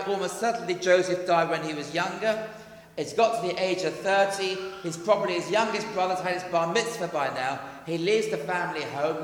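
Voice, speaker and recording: A vicar with a high, lifted voice preaches in a chatty, lively way, slipping in jokes as he goes. His words ring around a big echoey church, and a long reverb trails each phrase over a faint hum of ambience. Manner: conversational and animated, with jokey asides. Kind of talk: sermon.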